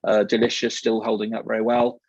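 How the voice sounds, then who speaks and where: A man's voice: lowish voice, completely flat delivery, a little fast, darkish tone, husky, dry recording, dull audio. A man in his sixties, a wine merchant talking as guest expert in a casual panel, rambling and hesitant with many fillers. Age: 60s.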